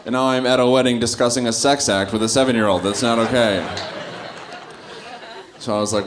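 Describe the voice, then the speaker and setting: A young man doing a stand-up comedy set on a club stage, telling stories in an animated way, acting out quotes and laughing often. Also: medium pitch, moderate pace, pauses often, a crowd in the background. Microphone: handheld stage mic. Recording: live club recording with audible noise. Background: audience laughter.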